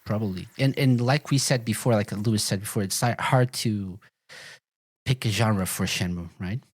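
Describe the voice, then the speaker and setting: A man's voice: lowish voice, normal speed, dry recording. A man speaking as a podcast guest in casual chat, hesitant, with fillers and repeated words.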